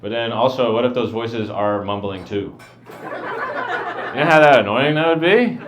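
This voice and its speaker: A man doing a stand-up set, mumbling in a flat deadpan. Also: mid-range voice, a little slow, echoey room, background noise. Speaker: stand-up comedian. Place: comedy venue with a live audience. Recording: dull lo-fi live recording with crowd.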